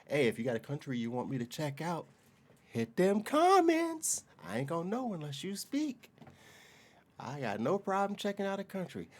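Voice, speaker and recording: An American man hosting a reaction video, chatting in a relaxed, slangy way and laughing often. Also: fairly high pitch. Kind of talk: casual reaction commentary.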